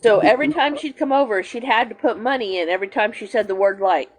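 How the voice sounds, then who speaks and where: A woman's voice: fairly high pitch, quick pace. A middle-aged woman hosting a livestream, telling stories in casual chat and greeting viewers. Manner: chatty storyteller, greets viewers. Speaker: livestream host.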